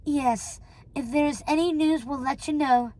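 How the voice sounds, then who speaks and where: A woman's voice: sits high, a little slow, mellow. A woman voicing a sweet, polite young woman.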